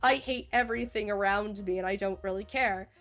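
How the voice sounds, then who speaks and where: A woman's voice: medium pitch, fairly quick, a bit bright, soft background music, lightly acted. A woman voicing an arrogant, hateful young male vampire with a sneering, spiteful tone.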